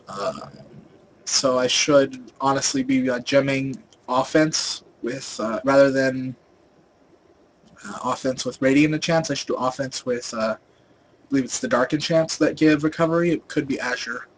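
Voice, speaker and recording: Young guy rambling through a game guide, mid pitch, lots of ums and restarts, faint game sounds behind. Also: measured pace, a little hiss or hum, poor audio. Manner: rambling, many fillers and restarts; volume rises and falls a lot. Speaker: gaming video host. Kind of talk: casual game guide voice-over.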